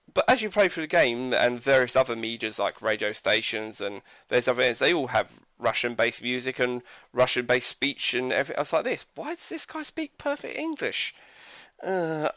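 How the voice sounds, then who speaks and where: A man's voice: mid-range voice, bright, forceful tone, no room sound. A man reviewing a video game in casual commentary, rambling and hesitant, with frequent fillers and self-corrections.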